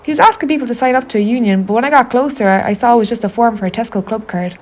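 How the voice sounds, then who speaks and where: A woman's voice: fairly high pitch, very fast, darkish tone. A woman with an Irish accent narrating a confiding spoken-word monologue, intimate, wry and sweary. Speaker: narrator of an autofictional audio artwork.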